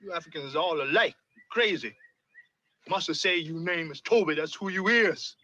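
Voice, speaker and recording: An older enslaved fiddler in a film, high voice, heavy old southern dialect, bowing and scraping. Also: male voice, moderate pace, sharp tone, a little hiss or hum. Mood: scolding. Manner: thick rural Southern period dialect, deferential to master. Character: older enslaved male fiddler, eager to please, wary. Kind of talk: film drama acting.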